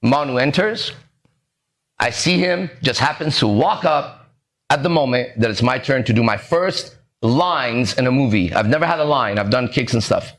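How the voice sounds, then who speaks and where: A man in his forties hosting a podcast, telling a story in a lively way that acts out the voices and keeps checking in with the listener. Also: mid-range voice, normal speed. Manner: animated, acts out quoted lines, keeps checking in with "right?". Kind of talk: casual storytelling.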